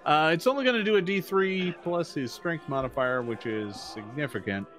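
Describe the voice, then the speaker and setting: A man's voice: a little high, moderate pace, faint music behind. A man narrating a tabletop game as game master, with many fillers and restarts. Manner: hesitant, many fillers, animated.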